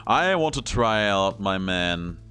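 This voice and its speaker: A man's voice: deep voice, lively intonation, slow pace, sharp tone, faint music behind. A man hosting a gameplay video, commenting casually and thinking aloud as he picks his moves.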